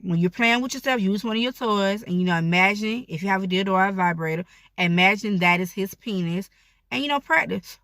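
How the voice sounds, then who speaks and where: A woman's voice: medium pitch, brisk, a bit bright, no echo. A woman vlogger giving casual advice, speaking candidly and addressing her viewers directly.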